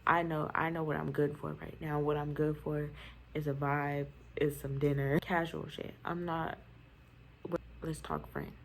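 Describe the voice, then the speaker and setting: A woman's voice: sits low, little pitch movement, moderate pace, creaky, a little hiss or hum, rough recording. A nineteen-year-old woman and new mother, chatting casually and candidly on her vlog in rambling, slangy talk at home. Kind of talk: casual chat.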